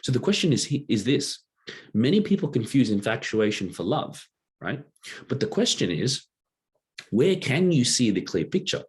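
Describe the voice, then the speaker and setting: A man's voice: medium pitch, sing-song, normal speed, breathy edge. A man giving a casual teaching talk as a workshop presenter, loose and conversational, with many rhetorical checks, drawing a diagram as he explains.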